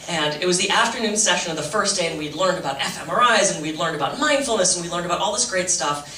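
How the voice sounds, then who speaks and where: A lively middle-aged woman talking to a crowd at a fundraising breakfast. She tells her stories with bright, sharp energy and a lot of swing in her pitch, and she pokes fun at herself. She sounds echoey and a little far off. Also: slight background noise. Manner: animated, jokey storytelling with self-mocking asides; shifts to slow, soft guided-meditation voice. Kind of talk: motivational talk on stress with humor. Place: large event room. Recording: echoey room, voice from a distance.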